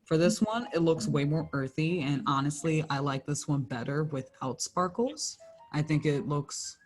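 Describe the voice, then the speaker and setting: Faint music plays behind a young woman with a deep, darkish voice who works for a library. At a moderate pace she teaches a small painting class, chatty and casual, full of "like" and self-corrections, as in a laid-back craft tutorial.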